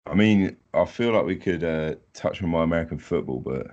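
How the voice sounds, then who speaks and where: Very deep-voiced easygoing man. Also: lively intonation, fairly quick, a little mellow, dull audio. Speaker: podcast guest. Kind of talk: casual chat.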